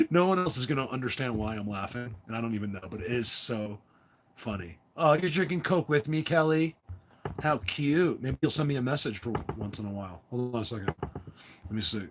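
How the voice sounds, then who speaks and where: A man's voice: mid-range voice, lively intonation, normal speed, a bit bright, a little hiss or hum. A middle-aged man hosting a casual livestream chat, rambling and laughing often as he reads viewer comments. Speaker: livestream host.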